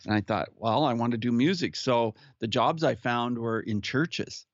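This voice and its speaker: A man telling his life story as a guest in an interview, speaking earnestly and at an unhurried pace. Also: mid-range voice, no room sound. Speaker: podcast guest who hosts his own show. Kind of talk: personal storytelling in conversation. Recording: slightly muffled audio.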